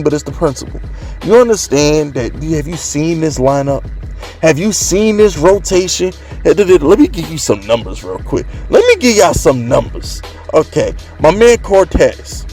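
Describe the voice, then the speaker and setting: New guy ranting about his team, cocky trash talk, kinda high voice. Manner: brash, trash-talking, animated. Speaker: sports fan channel host. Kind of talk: casual fan rant.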